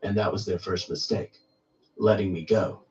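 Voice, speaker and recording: A man reading a first-person horror story aloud in steady storytelling narration. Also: low voice, normal speed, far from the mic, lo-fi sound.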